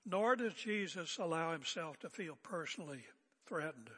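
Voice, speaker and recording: An older man preaching a sermon as pastor, seated and speaking in a calm, conversational way with rhetorical questions. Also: fairly high pitch, normal speed, slightly rough, in a large hall. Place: church sanctuary. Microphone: seated at pulpit area mic.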